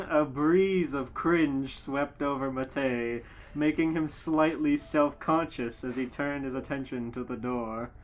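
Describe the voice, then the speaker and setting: Slow, stumbling man reading fan fiction. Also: mid-range voice, fairly even intonation. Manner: halting read-aloud, stumbling and cracking up. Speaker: podcast co-host, fan-fiction reader.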